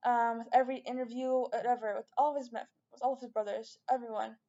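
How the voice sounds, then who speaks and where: A woman's voice: on the high side, flat delivery, fast talker, warm tone, highs cut off. A woman vlogger chatting casually and rambling, with lots of fillers and restarts. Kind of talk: casual chat to camera.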